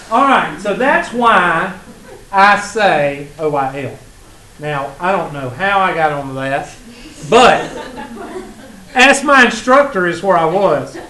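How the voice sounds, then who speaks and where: Folksy Southern math teacher in class. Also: male voice, sits high, bright, forceful tone, slight background noise. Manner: folksy, joking, teasing the class. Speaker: math instructor. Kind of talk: classroom lecture with storytelling. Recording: echoey classroom with faint ambience.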